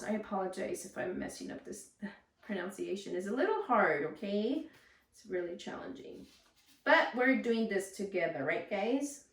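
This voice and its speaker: A woman's voice: mid-range voice, expressive, normal speed, distant mic. A woman teaching first graders, reading a lesson aloud and patiently sounding out hard words. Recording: echoey room, voice off-mic.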